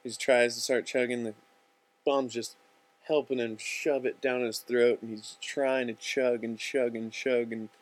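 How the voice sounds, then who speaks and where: A young man casually and profanely rambling through a storyboard pitch. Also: flat delivery, a little slow.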